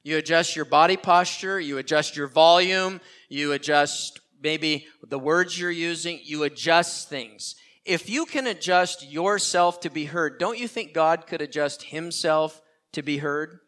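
A man's voice: on the high side, unhurried, hardly any pauses, fairly bright tone. An older man preaching a sermon as pastor, earnest and repeating key phrases for emphasis.

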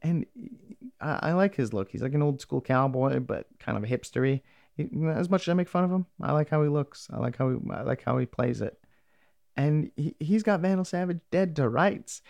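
A man's voice: on the high side, normal speed, vocal fry, a little mellow, no room sound. A man casually recapping a TV episode, rambling and swearing freely as he acts out lines from the characters.

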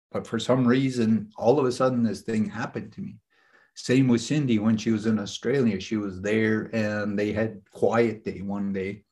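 A man with a somewhat low voice teaches a small group in a loose, conversational way. He rambles earnestly, stumbling over restarts and leaning on filler phrases as he shares stories. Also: a little mellow. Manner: rambling, earnest, frequent "you know" and restarts. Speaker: spiritual teacher leading a group session. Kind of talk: casual teaching talk with personal stories.

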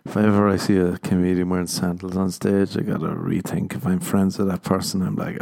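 Young male comic host, lowish voice, loose rambling self-deprecating delivery with bursts of laughter. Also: level tone, a little fast, gravelly, hardly any pauses, darkish tone. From Ireland. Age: young adult. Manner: rambling, self-mocking, laughs at own stories. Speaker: comedian podcast host. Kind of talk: casual comedic monologue.

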